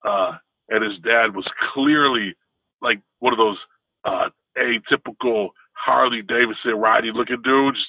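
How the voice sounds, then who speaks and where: A man co-hosting a podcast, telling a story in an animated, casual way. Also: measured pace, slightly rough, dry recording. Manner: animated, jumps into higher pitch when telling a story. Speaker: podcast co-host. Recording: tinny phone-like dry sound.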